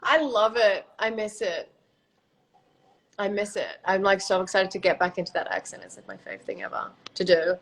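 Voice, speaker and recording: A woman's voice: mid-range voice, lively intonation, normal speed, low-quality recording. A young woman in casual chat on a phone livestream, chatty and swearing casually, often restarting her sentences. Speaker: actor in a live chat.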